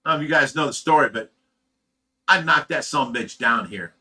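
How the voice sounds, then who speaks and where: A man's voice: medium pitch, lively intonation, fast talker, sharp tone. A man hosting a livestream, telling a heated, rambling story full of swearing in casual chat. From Ohio. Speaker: livestream host.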